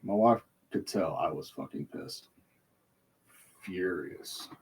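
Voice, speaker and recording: A man's voice: deep voice, slow, a little mellow, slight background noise. A man hosting a podcast, telling a heated, profane story in casual chat, swearing constantly. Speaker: podcast host.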